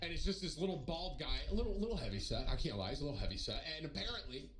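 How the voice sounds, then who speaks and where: Animated man joking with his stream. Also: on the high side, rapid-fire, a little hiss or hum, poor audio. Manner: animated, joking, with frequent restarts and asides to chat. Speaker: streamer telling a story to his viewers. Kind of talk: casual storytelling to a live audience.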